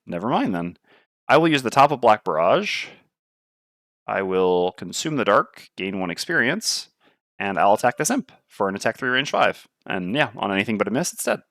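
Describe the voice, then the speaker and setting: A man's voice: lowish voice, big pitch swings, moderate pace, a bit bright, no room sound, clean studio sound. A man playing a tabletop board game on stream, thinking aloud and weighing his moves. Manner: muttering, weighing options aloud.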